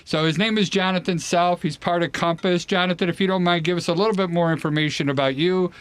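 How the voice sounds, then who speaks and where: A man's voice: high-pitched, steady tone, quick pace, smooth, dry recording. A man hosting a radio talk show, upbeat and chatty, introducing guests in the studio. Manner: upbeat, chatty, laughs often. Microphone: studio mic.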